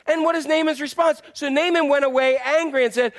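A male pastor preaching a sermon in a church, animated and playful, repeating phrases to drive a point home. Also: extremely high pitch, fairly quick, hardly any pauses.

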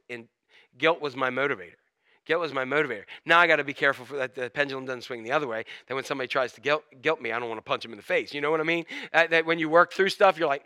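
A man's voice: fairly high pitch, bright, forceful tone, clean tone, no room sound, clean studio sound. A middle-aged man preaching a sermon in a conversational, self-deprecating way, acting out the voices in his head. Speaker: pastor.

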